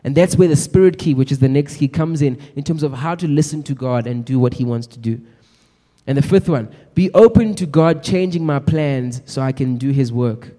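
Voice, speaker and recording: A man's voice: medium pitch, normal speed, warm tone. A man preaching a sermon, earnestly exhorting and addressing the congregation directly. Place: church hall. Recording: echoey hall.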